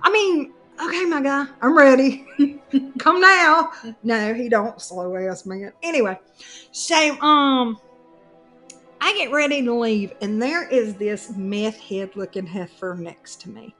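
High-voiced woman telling a story. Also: a little slow, soft background music. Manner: animated, laughs through her own story. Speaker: podcast co-host. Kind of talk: casual comic storytelling.

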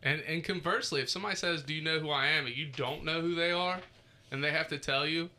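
A man's voice: fairly high pitch, fast talker, sharp tone. A man hosting a podcast, reading from a list and joking around casually with friends, swearing freely. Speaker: podcast host.

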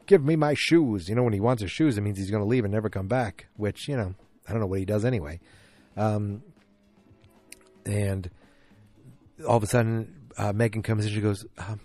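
A man casually recapping a TV episode, rambling and animated as he acts out the characters' lines. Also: on the low side, brisk, long pauses, faint music behind.

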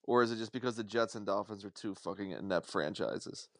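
A man's voice: lowish voice, fairly quick, no echo, studio quality. A man in a casual podcast chat, talking in a hesitant, meandering way that circles around his point. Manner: hesitant, meandering, many fillers and restarts.

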